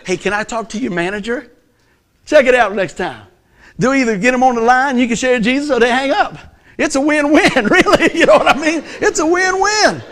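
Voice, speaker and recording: A middle-aged man preaching a sermon as pastor, animated and joking, telling stories and acting out voices. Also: extremely high pitch, brisk. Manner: animated, joking storyteller who acts out voices.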